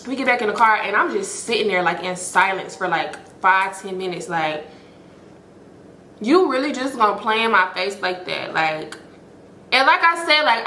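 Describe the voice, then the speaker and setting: A woman hosting a storytime, telling a story in an animated, profane way and acting out what people said. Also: mid-range voice, reverberant, slight background noise. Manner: animated, profane, acts out quoted lines. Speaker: storytime host. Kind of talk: casual storytelling.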